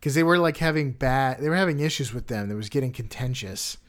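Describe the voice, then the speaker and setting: A man's voice: medium pitch, animated, fast talker. Meet a man in his element as a podcast host, rambling his way through a story with plenty of "like" and "just" filling the gaps. He slips in dry puns as he quizzes his co-host, in a voice that sits squarely mid-range for a guy. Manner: loose storytelling with many "like" fillers, dry wordplay. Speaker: podcast co-host presenting facts and quiz. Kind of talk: casual chat.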